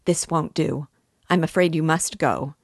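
Woman reader voicing a pushy, excitable man of the law; low-pitched, dry read. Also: no echo. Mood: excited. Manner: hurried, emphatic, louder than the narration. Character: excitable male police investigator, fussy and insinuating.

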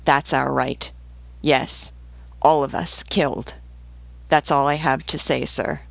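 A woman's voice: a bass voice, steady tone, slow pace, gravelly, no room sound, heavily acted. A woman reading the part of a blunt, devoted army sergeant who speaks earnestly and protectively in an audiobook reading. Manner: earnest, pleading, fiercely protective.

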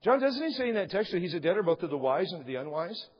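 A man preaching a sermon as pastor, impassioned and rising in emphasis, with a voice that is wearing out and husky. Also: sits high, big pitch swings, quick pace, in a large hall, muffled recording. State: losing his voice. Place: church sanctuary.

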